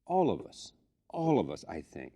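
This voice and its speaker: A man's voice: lowish voice, wildly swooping pitch, normal speed, mellow, husky. A man hosting a talk show interview, leading with questions and chuckling often.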